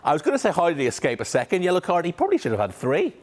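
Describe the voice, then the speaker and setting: A man's voice: fairly high pitch, wildly swooping pitch, rapid-fire. Sports host guy, teasing questions, bit of faint hiss in the background. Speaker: news presenter. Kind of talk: studio panel chat.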